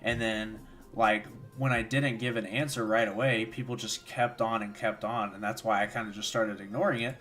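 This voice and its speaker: Sleepy young dude on stream, lowish voice, lots of um and like, faint music behind. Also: male voice, steady tone, normal speed, a bit bright. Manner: rambling, many fillers, reads and answers chat. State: tired, yawning. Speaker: streamer hosting a watchalong. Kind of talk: casual livestream chat and commentary.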